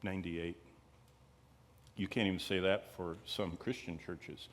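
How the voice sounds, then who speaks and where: A man's voice: low voice, fairly even intonation, measured pace. Emphatic, digressive male Bible teacher. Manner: digressive, asks the audience rhetorical questions. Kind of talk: conversational Bible lecture to a live group.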